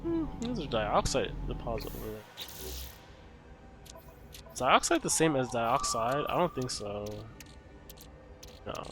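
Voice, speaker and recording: A man's voice: mid-range voice, sing-song, measured pace, pauses often. A man streaming a game live, chatting in a sarcastic, ranting way. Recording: background noise.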